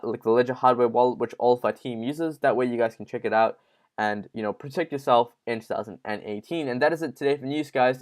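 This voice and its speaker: A man hosts a casual online news show in a middle-range voice. He talks informally and chats straight to his viewers. His speech is loose and full of fillers. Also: medium pitch. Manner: informal, addresses viewers as guys, many fillers. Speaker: crypto news host.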